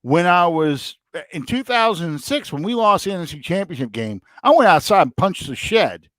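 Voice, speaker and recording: A middle-aged man in a casual sports chat at home, excitable and rambling, his pitch leaping all over and sitting a touch high. The sound is dry and close, with no room around it. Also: moderate pace, no echo. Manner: excitable, rambling, animated storyteller. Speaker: podcast co-host.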